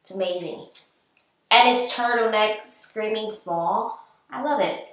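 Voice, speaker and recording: A woman's voice: fairly high pitch, slow, a bit bright, recorded from a distance. A woman vlogger chatting casually through a clothing try-on haul, bubbly and talkative, laughing often. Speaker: fashion vlogger. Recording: echoey room, voice a bit off-mic.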